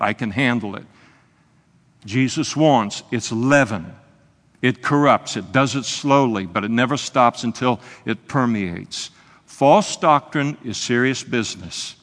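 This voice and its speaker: A man's voice: medium pitch, fairly bright tone. Earnest preacher man in a reverberant hall. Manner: earnest, conversational preaching with frequent "uh" hesitations. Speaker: pastor. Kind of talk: sermon. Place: church service, evening.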